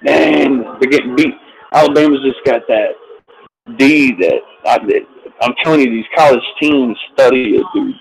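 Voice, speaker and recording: A middle-aged man in rambling, profane casual chat who keeps repeating himself and tacking on "man", and shouts at televised football. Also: medium pitch, normal speed, a little hiss or hum, rough recording. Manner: yells excitedly at a football game on TV.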